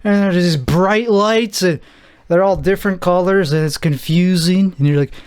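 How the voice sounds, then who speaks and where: A young man with a high voice talks through a loose solo podcast monologue. He rambles and cuts himself off, poking fun at himself, and sounds out of breath. His delivery is halting, with restarts throughout. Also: smooth. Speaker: podcast host. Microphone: camera mic.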